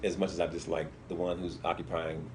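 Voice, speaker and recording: A man's voice: sits low, flat delivery, a little fast, a little mellow, slight background noise. A man co-hosting a political talk show, blunt and critical in his opinions. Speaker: co-host.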